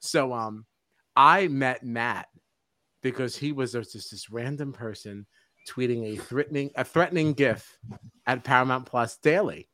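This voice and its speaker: A male podcast host telling a story in an animated, laughing way, acting out the lines he quotes. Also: mid-range voice, measured pace, no echo. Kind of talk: casual chat.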